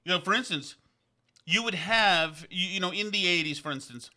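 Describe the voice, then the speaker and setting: A man's voice: sits high, moderate pace, pushed and bright. A man from Vermont hosting a podcast, talking in a casual, digressive way with frequent restarts and fillers. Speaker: podcast host. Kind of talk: casual rambling monologue. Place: on location, indoors.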